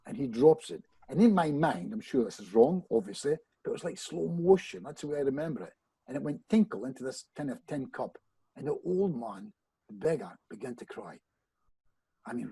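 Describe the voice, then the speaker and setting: A hypnotist visiting a podcast tells a personal anecdote in a mid-range, slightly rough voice, heard through a low-quality recording with no echo. Animated throughout, he keeps restarting phrases and addresses the host directly.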